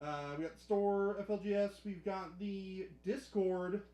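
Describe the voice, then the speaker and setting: High-voiced man hosting a casual live stream. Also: steady tone, a little slow, mellow, reverberant. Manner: chatty and joking with chat. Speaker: livestream host. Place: hobby studio.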